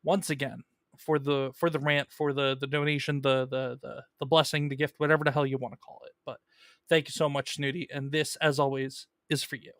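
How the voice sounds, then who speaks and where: Bright-voiced man hosting a comics stream. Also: medium pitch, flat delivery, fairly quick, dry recording, clean studio sound. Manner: chatty, with many fillers and restarts, reads viewer messages. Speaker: host of a comic book live stream. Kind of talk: casual live-stream chat.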